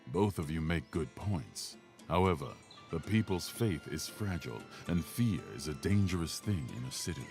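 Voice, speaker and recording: A composed Roman governor, with a very deep voice and a calm, decisive delivery. Game music plays clearly behind him. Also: male voice, normal speed. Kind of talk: video game voice acting.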